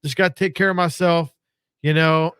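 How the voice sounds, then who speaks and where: A middle-aged man chats on a sports podcast in a relaxed, self-deprecating way. His voice sits a touch high and is recorded dry and close. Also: normal speed, clean tone, dry recording. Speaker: podcast co-host. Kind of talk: casual sports chat.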